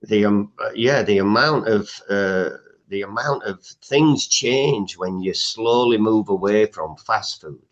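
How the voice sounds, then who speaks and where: A man's voice: on the low side, slow, lo-fi sound. A man speaking as a health coach guest in a podcast interview, emphatic, listing things off, with frequent "uh" fillers.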